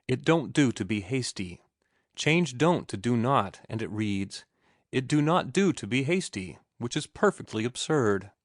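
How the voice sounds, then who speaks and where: Man doing a prim young lady, precise and correcting, a bit higher, dry sound. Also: lively intonation, unhurried, no room sound. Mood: instructive. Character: refined young woman, patient and prim teacher.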